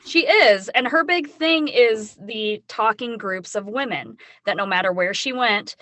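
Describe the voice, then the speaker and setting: A woman's voice: medium pitch, lively intonation, a little slow, a bit bright. A woman hosting a podcast interview who speaks frankly and outspokenly, with wry asides. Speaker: podcast host. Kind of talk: casual interview chat.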